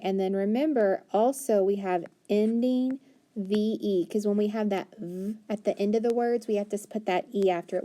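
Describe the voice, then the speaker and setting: A woman teacher leads young children through a phonics lesson. She is patient and encouraging, with a voice at an ordinary middle pitch. She stretches out letter sounds slowly and clearly. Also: dark tone.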